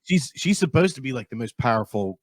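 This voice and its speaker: A man's voice: medium pitch, animated, fairly quick, no echo. Easygoing man in podcast banter. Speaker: podcast co-host. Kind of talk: casual chat.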